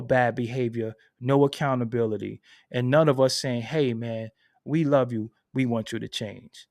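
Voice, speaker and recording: A man from Brooklyn with a New York accent, hosting a casual commentary monologue, telling stories in an animated, profane, streetwise way. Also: mid-range voice, gravelly, no echo, studio quality. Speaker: channel host. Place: at home at his computer.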